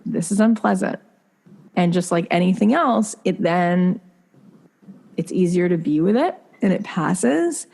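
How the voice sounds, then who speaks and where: A woman's voice: lowish voice, animated, unhurried, vocal fry, a little mellow, slightly rough. A woman in her thirties, a podcast guest, telling candid personal stories in an earnest, confiding way with many likes and restarts. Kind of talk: candid conversational storytelling.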